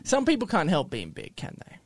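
Tentative man with a lively high voice. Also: brisk, no room sound. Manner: tentative, second-guessing himself. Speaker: co-host. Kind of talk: casual chat.

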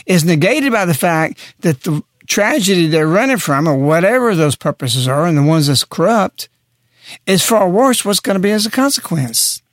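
A man's voice: high voice, big pitch swings, normal speed, no room sound, clean studio sound. A man speaking on a radio talk show in an impassioned, preaching way, pressing his points hard. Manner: forceful, preaching, emphatic.

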